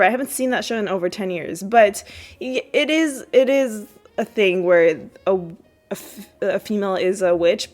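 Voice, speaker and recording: A woman hosting a podcast, casually recapping a TV episode in a rambling way, with many fillers and restarts, her voice jumping up when she quotes characters. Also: normal speed. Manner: jumps high when quoting characters. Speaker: podcast host.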